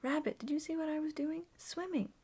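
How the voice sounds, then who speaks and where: A woman voicing a tiny, excited baby kangaroo boy with a squeaky voice, in whispered role-play for a storybook. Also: normal speed, creaky.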